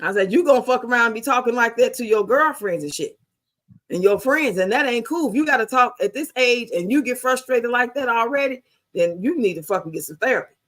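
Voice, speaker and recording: An American woman in her fifties with a bright, sharp tone, talking in a blunt, profane, emphatic way. She tells her stories in relaxed, casual chat. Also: on the high side, fairly quick. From United States.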